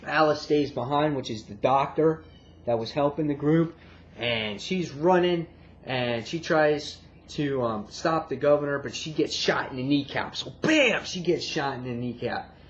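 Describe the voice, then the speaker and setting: A man casually retelling a comic book issue and reviewing it, getting excited and swearing as he acts out his reactions. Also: a little high, unhurried. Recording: dull lo-fi, faint background hiss.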